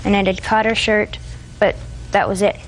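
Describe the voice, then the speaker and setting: A woman's voice: mid-range voice, little pitch movement, normal speed, faint music behind, rough recording. A woman in her twenties testifying in a TV courtroom, retelling events in a rambling, hesitant way. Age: 20s. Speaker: defendant.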